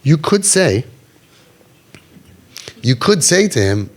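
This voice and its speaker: A middle-aged man counseling parents in a group talk, animated and acting out quotes, sprinkling in Yiddish and Hebrew words. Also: a little high, normal speed, long pauses.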